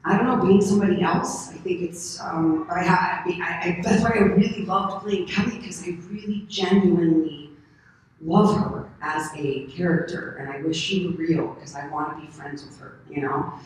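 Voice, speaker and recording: A woman's voice: fairly low pitch, normal speed. Rambling woman on an echoey convention stage. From United States. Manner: rambling, animated, laughs often. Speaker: convention panel guest. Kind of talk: convention panel Q&A. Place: large convention hall. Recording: echoey hall from far off, faint noise.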